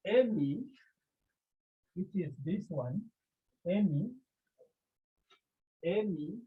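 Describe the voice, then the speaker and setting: A man teaching a Greek grammar class, talking slowly and repeating key points with many pauses. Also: fairly high pitch, slightly rough. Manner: slow, repetitive, with many pauses. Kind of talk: online language lesson. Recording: tinny phone-like line.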